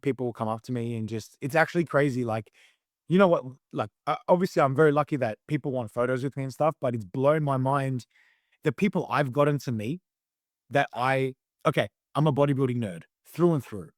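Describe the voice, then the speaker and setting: A young man with an Australian accent chats as a podcast guest, talking with loose enthusiasm and plenty of filler words. His voice sits in a middle pitch, and the recording is dry and close with no room sound. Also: a little fast, no echo. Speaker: guest, competitive eater. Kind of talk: casual interview chat.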